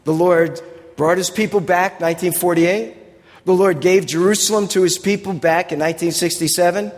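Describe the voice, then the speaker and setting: A man preaching a sermon in a conversational way, reading scripture aloud slowly and with emphasis. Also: high voice, fairly even intonation. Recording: long hall reverb.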